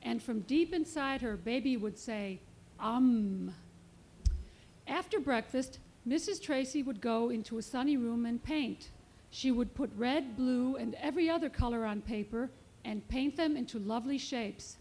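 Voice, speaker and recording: High-voiced lady reading her kids' picture book aloud, clear and expressive. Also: normal speed. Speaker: children's author.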